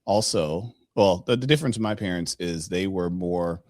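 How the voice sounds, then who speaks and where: Low-voiced guy hosting a podcast, tells stories lively, does the voices, dry close sound. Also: moderate pace, no room sound. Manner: animated storyteller, acts out dialogue. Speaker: podcast host. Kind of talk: storytelling in a casual interview.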